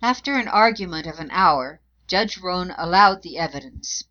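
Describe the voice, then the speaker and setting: A woman narrating a historical account in a measured, even reading voice. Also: lowish voice. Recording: dull lo-fi recording.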